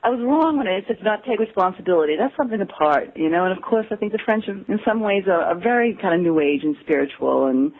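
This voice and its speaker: American woman, interview guest, animated storyteller, phone-line sound. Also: medium pitch, quick pace, few pauses. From United States. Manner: animated storyteller who acts out quotes and laughs. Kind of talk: casual interview conversation.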